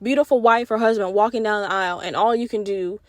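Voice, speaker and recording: A young woman hosting a solo podcast, talking in a candid, profane, animated way. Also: medium pitch, fast talker, dry recording, studio quality. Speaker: podcast host.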